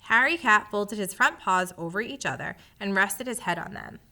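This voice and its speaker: A woman reads a children's book aloud, telling the story expressively. Her voice is bright and clear, and her pitch rises and falls a lot. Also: lively intonation, normal speed. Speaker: audiobook reader.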